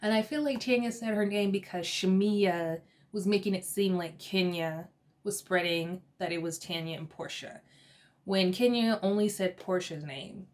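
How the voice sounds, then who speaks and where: A woman giving a casual, gossipy recap of a reality TV episode, chatty and quick to laugh. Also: fairly low pitch.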